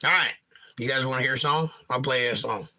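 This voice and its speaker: A man's voice: mid-range voice, brisk, background noise. A middle-aged man hosting a casual livestream, reading viewer comments aloud and joking about them. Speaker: livestream host reading chat.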